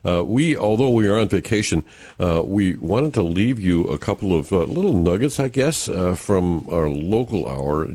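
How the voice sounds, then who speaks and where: Very deep-voiced man on radio. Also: expressive, moderate pace, dark tone, husky, no echo. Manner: chuckling, easygoing banter. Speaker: radio host. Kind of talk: casual morning radio chat.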